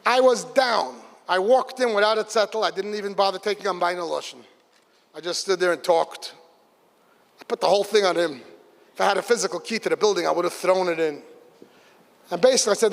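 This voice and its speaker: Middle-aged man, high-pitched, animated storyteller at a community gathering, reverberant hall. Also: fairly quick, creaky. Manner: lively storytelling, shifts into excited exclamations. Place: large event hall. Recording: long reverb of a big hall.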